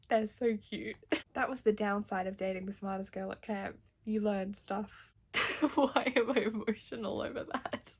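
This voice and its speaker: A young Australian woman casually reading a book aloud and reacting, gushing excitedly with frequent laughter and casual swearing. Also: medium pitch, a little slow, a little hiss or hum. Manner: laughs often. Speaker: book vlogger.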